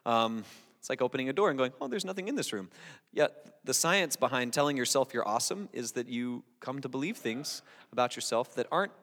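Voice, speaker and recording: A male pastor giving a conversational sermon, lively and talking straight to the congregation, often restarting and repeating words. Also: mid-range voice, brisk. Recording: long reverb in a large hall.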